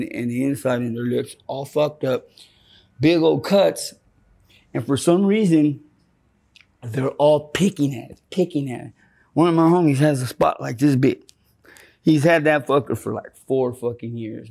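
A man's voice: mid-range voice, creaky, husky. A man in a candid street interview, telling rambling, profane stories and acting out his friends' words. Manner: profane, rambling, animated when quoting friends.

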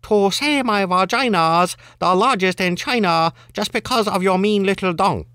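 A man's voice: high-pitched, moderate pace, bright, forceful tone, smooth, dry recording, studio quality, voice pushed up. A man voicing a coy young woman, reciting bawdy limericks in a sing-song rhyme. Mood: sassy.

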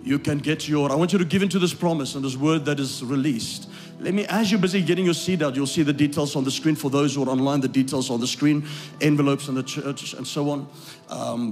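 A man's voice: mid-range voice, fairly quick, a little mellow, soft background music. A male pastor preaching a sermon in a church, reading scripture with impassioned, rising emphasis.

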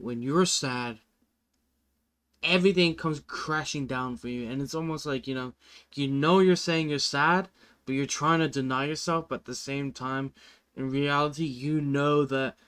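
A young-sounding man with a fairly high, smooth, clean voice talks through a song reaction. He rambles in an earnest, easygoing way and keeps filling gaps with "like" and "you know". It sounds like an informal video rather than a script. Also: measured pace, a bit bright. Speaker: music reaction video host. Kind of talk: casual reaction commentary.

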